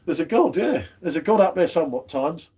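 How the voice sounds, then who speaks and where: A man's voice: on the high side, animated, fairly quick, mellow, breathy edge. A man hosting a casual beer chat stream, slangy and chatty. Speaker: host of a beer review stream.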